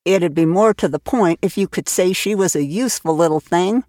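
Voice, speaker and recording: Woman playing a middle-aged spinster, storybook, severe, brisk, dry close mic. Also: on the low side, dark tone, dry recording, lightly acted.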